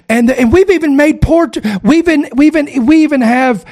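A man's voice: very high-pitched, moderate pace, a little mellow. A middle-aged man preaching a fervent sermon to an online audience, exhorting listeners with repeated call-outs.

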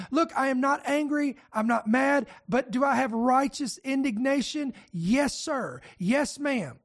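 Fervent high-voiced man preaching. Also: a little slow, few pauses. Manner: fervent, emphatic, rhetorical questions. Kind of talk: podcast sermon.

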